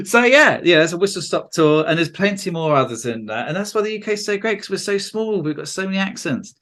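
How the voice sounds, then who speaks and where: A man's voice: high-pitched, big pitch swings, brisk, fairly bright tone. A man with a southern English accent hosting a podcast, chatting casually and joking. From England. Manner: chatty, jokey, slips into mock regional accents. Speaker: podcast host.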